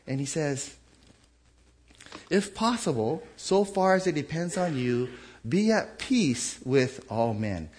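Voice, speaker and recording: A man preaching a sermon in a conversational, animated way, acting out the voices he quotes. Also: medium pitch, breathy edge. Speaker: pastor.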